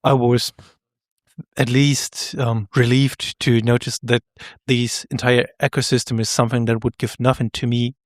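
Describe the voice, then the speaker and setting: A young man with a German accent hosting a podcast interview, speaking thoughtfully with some halting restarts. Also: mid-range voice, level tone, no room sound, studio quality. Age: young adult. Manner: thoughtful, halting, laughs often. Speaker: podcast host. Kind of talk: casual interview chat.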